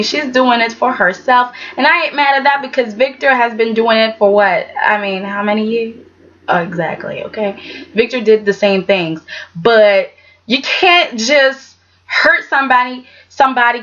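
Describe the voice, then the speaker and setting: Sassy high-voiced woman vlogger. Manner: sassy, animated, keeps adding "okay?". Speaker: soap opera reviewer. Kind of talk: casual vlog review. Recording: dull lo-fi audio.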